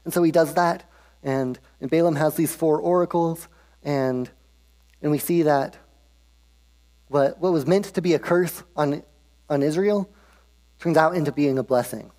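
A man's voice: a little high, a little slow, pauses often, a little mellow. Man retelling Bible stories, casual. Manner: casual, humorous, with restarts. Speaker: preacher. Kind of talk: casual Bible storytelling sermon. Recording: long reverb of a hall.

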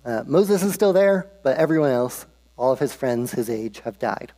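A man's voice: mid-range voice, expressive, moderate pace, warm tone. A man preaching in a casual, humorous storytelling way, with frequent restarts, in a hall with a long echo. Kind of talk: casual Bible storytelling sermon.

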